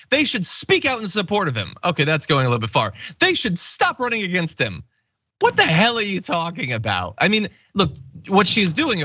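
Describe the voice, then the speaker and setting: A man's voice: a little high, pushed and bright, dry recording, dull audio. A male host giving sarcastic, emphatic political commentary.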